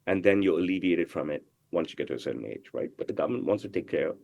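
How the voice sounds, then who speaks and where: A man's voice: low voice, animated, fast, vocal fry, a little mellow, no room sound. Middle-aged guy talking big in an interview, swears a lot, says bro constantly, dry close sound. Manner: brash, profane, emphatic, repeats "bro" and "you know what I mean". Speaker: guest, tailor. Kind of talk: casual interview talk.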